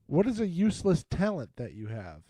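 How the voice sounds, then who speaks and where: A man's voice: fairly high pitch, wildly swooping pitch, a little fast, dark tone, no echo. A man hosting an online radio show, chatting casually with a guest and swearing freely. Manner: laid-back, swears casually. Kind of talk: casual interview chat.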